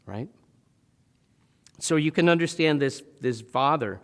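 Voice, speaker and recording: A man's voice: fairly high pitch, animated, measured pace, pauses often, big-room sound. A man preaching a sermon in a church, talking conversationally and asking the congregation rhetorical questions. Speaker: pastor. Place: church sanctuary.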